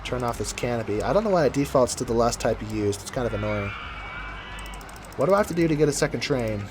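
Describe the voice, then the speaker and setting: A man talks through his game as he plays, wandering into chatty side stories and correcting himself mid-sentence. His voice sits at an ordinary middle pitch. A clear layer of background noise runs under the recording. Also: expressive, fast. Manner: chatty, rambling, self-correcting asides. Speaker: gameplay commentator. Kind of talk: casual let's-play commentary.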